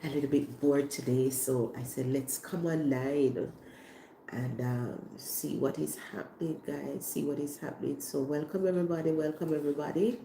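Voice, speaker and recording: A Jamaican woman who hosts a cooking channel, hoarse while getting over an illness, talking casually on a livestream and repeating her phrases with heartfelt faith. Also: sits low, steady tone, moderate pace, dark tone, reverberant, slight background noise. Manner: repetitive, heartfelt, faith-filled.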